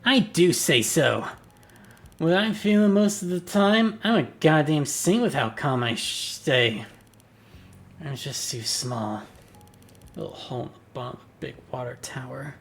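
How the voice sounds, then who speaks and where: A man voicing a short-tempered small woman police officer who snaps in loud outbursts while reading a game aloud. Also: mid-range voice, a little slow, hardly any pauses, close to an everyday voice.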